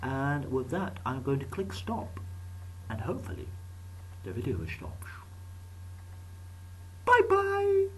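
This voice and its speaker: A man's voice: mid-range voice, very animated, measured pace, recorded from a distance, a little hiss or hum, poor audio. A man talking casually to his viewers, rambling and joking at his own expense. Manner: rambling, joking, self-deprecating. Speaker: YouTuber. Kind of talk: casual vlog monologue.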